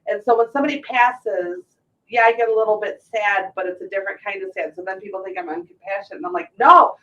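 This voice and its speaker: A middle-aged woman hosting a casual talk show, telling stories with lively acted-out quotes. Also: medium pitch, fast. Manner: animated storyteller, acts out quotes. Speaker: host. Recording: distant muffled mic.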